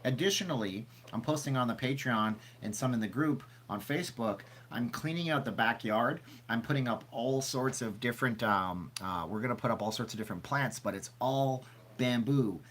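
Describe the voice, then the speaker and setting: Man, livestream host, rambling, chatty, sniffly with allergies, mid pitch. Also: moderate pace, a bit bright. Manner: rambling, chatty, reads chat questions aloud. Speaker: channel host answering live chat. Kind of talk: casual livestream chat.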